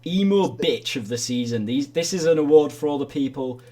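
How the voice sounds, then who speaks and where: A man's voice: a little high, lively intonation, a little fast, dark tone. A man hosting a comedic livestream awards show, crude and mocking, with plenty of swearing. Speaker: host.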